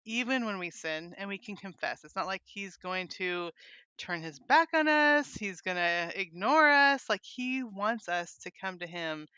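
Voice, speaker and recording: A woman co-hosting a casual devotional chat, talking eagerly in quick bursts. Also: mid-range voice, lively intonation, sharp tone, clean tone, dry recording. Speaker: podcast co-host. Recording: dull, dry close mic.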